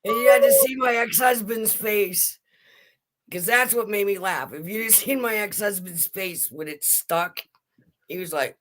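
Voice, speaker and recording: A middle-aged woman telling a family story in casual chat, animated and laughing as she goes. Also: medium pitch, unhurried.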